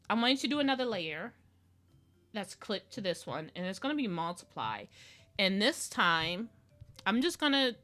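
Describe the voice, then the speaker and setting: A woman's voice: mid-range voice, fairly bright tone. A woman streaming her digital drawing process, chatting casually and rambling playfully as she talks to herself about each step. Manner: rambling, self-talking, playful. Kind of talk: casual live-stream chat while drawing.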